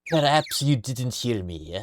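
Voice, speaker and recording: A man's voice: mid-range voice, big pitch swings, pitched above the performer's own voice. A man doing a cold, aloof female director. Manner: slow, detached and dismissive. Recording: noisy home stream mic.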